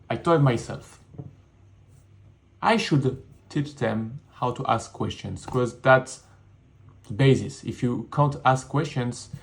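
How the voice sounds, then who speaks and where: Male teacher, slow and deliberate, beginner lesson from a home studio. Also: medium pitch. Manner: slow, repeats words in English and French. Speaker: French teacher.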